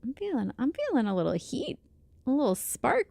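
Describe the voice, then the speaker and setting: Brief: young woman streamer, casual gaming chat, giggles often, slightly high, close mic. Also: wildly swooping pitch, moderate pace, creaky, mellow, no echo. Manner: giggly, chatty, reacting to chat.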